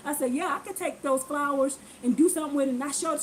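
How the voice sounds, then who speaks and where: Woman, high voice, animated storytelling, preachy, talks straight to viewers, acts out quotes. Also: quick pace, few pauses, a little hiss or hum, poor audio. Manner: preachy, addresses viewers directly. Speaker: vlogger. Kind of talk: casual storytelling testimony.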